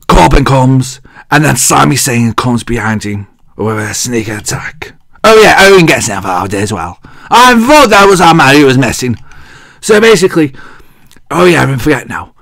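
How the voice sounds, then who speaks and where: A man's voice: medium pitch, animated, measured pace, gravelly, fairly bright tone, no echo, studio quality. An English man hosting a wrestling show, recapping in a cheeky, rambling way and often losing his place as he thinks aloud. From England.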